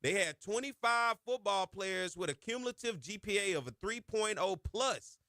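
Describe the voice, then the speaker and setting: A man hosting a sports talk radio show, chatting casually in folksy slang and getting loud and high when he hypes a point. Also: lively intonation, moderate pace, no echo, studio quality. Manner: folksy Southern slang, chatty asides to his producer. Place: radio studio. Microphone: studio microphone.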